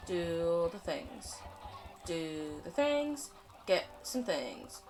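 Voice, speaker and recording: Woman game streamer, casual rambling chatter, self-deprecating and quick to laugh, very lively intonation, soft music underneath. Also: lowish voice. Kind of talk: casual live-stream chatter while playing.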